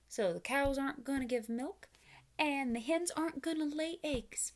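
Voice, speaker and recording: A woman reading a picture book aloud to preschoolers, pausing to explain words and invite the children to join in. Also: fairly high pitch. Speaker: children's storyteller.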